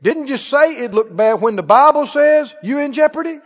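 High-pitched animated preacher man. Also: normal speed. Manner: animated, asks the congregation questions and acts out scenes. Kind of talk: sermon. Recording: reverberant church hall, dull lo-fi sound.

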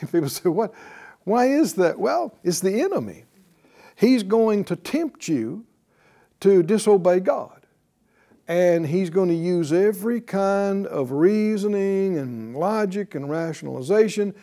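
A man's voice: high-pitched, animated, unhurried, warm tone. A middle-aged man preaching a sermon, teaching with emphatic points and rhetorical questions. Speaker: pastor.

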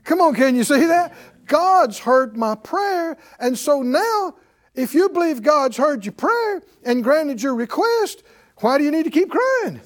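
A man delivers a sermon with a notably high, very animated voice that climbs and dips constantly. He talks conversationally and keeps prodding his congregation with questions. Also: normal speed. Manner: conversational preaching, calls out to congregation. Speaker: preacher.

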